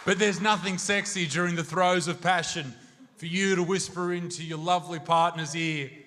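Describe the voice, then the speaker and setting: A man's voice: high-pitched, fairly even intonation, moderate pace, pushed and bright. A man with an Australian accent performing a stand-up comedy set on stage in front of a large crowd, with a brash, crude and punchy delivery. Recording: live show in a reverberant hall.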